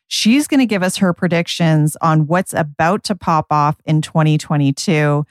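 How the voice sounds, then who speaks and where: A woman's voice: on the low side, no echo, studio quality. A woman co-hosting a beauty podcast, talking in an enthusiastic, gushing way about a guest and what is coming up. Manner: enthusiastic, gushing, often says "like". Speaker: podcast co-host. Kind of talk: casual podcast chat.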